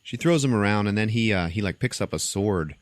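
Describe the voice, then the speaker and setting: A deep-voiced man tells a movie plot in a loose, comedic way and acts out the characters. He is recorded close and dry, with no room sound. His delivery is animated and conversational. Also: a little fast, dry recording. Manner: animated storytelling, acting out scenes. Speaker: podcast host. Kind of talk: casual comedic movie recap.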